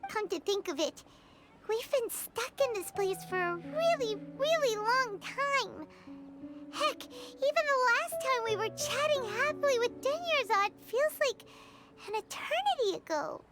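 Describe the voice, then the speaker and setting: A small, chatty game companion with a very high, childlike voice. She speaks earnestly and wistfully, with game music clearly playing under her. The sound is a polished video game cut. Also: lively intonation, unhurried. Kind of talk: game voice acting.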